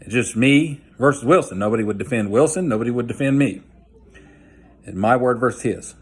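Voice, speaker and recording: A man's voice: mid-range voice, brisk, slightly rough. A man telling a personal story in a blunt, folksy way, using slang and frequent "you know" asides. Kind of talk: casual storytelling monologue.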